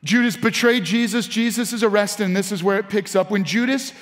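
Man, pastor, lively preaching, church sanctuary, hall echo. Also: sits high, a little fast. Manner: animated preaching with audience call-outs. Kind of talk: sermon. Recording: church hall with long reverb.

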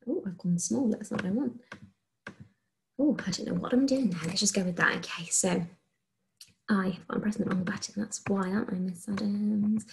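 Creaky-voiced woman teaching children phonics. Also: medium pitch. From England. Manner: slow, clearly sounded dictation with encouraging praise. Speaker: primary school teacher. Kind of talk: recorded phonics lesson for young children.

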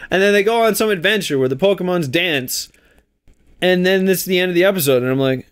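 Fast and high-voiced, this young Canadian man sounds clear and resonant. As a let's play co-host, he keeps up casual, joking chatter during gameplay, animated and full of silly voices.

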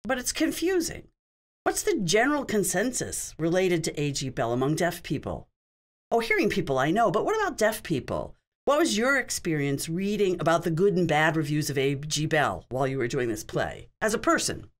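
A woman with a low, very animated voice works as a sign language interpreter, speaking at a moderate pace. She voices a signed question-and-answer session in short phrases, in a conversational and explanatory manner.

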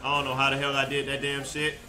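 A man giving casual gameplay commentary, loud, profane and excitable, joking with his viewers. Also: mid-range voice, fast talker. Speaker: gaming streamer. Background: game music.

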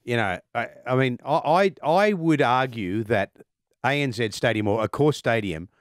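A man's voice: medium pitch, expressive, moderate pace, no echo, studio quality. An Australian man co-hosting a sports podcast, dropping in short questions and remarks. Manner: brief interjections and follow-up questions. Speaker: podcast co-host. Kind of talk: casual chat.

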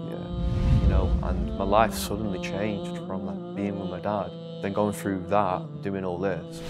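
A young man from northwest England, telling his life story as an interview guest in a candid, halting way. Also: fairly low pitch. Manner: candid, repetitive, halting restarts. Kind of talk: personal testimony interview.

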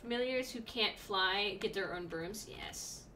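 A young woman narrates her gameplay in a bright, sharp voice, rambling cheerfully and squealing now and then. She sits a little back from a desk mic, and faint keyboard typing is heard behind her. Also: mid-range voice, unhurried, distant mic, slight background noise. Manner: chatty and excitable, with sudden squeals. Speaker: let's play streamer. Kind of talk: casual gameplay commentary.

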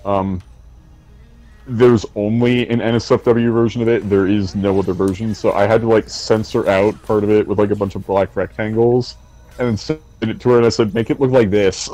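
A man's voice: fairly low pitch, little pitch movement, moderate pace, warm tone, no echo, faint music behind, poor audio. A man hosting a gameplay stream, chatting casually and explaining things at length. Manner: rambling, explains with lots of fillers. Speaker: host. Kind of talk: casual chat while gaming.

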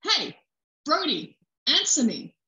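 A woman author voicing a bright, friendly young policewoman in a book reading. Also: fairly high pitch, expressive, a little fast, pitched above the performer's own voice. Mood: angry. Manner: cheerful and chatty, later snapping angrily. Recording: roomy echo.

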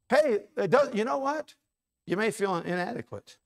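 A man preaching a sermon in a church, rising to loud, repeated calls and dropping to low, quick, conversational asides. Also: animated, vocal fry. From Ohio. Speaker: pastor. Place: church sanctuary.

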